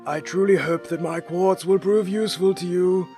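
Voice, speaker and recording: A man's voice: high-pitched, steady tone, normal speed, warm tone, faint music behind, voice pushed up, close to an everyday voice. A man voicing an elderly male academic quartz researcher who talks with formal, old-fashioned diction. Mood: courtly. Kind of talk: podcast voice acting.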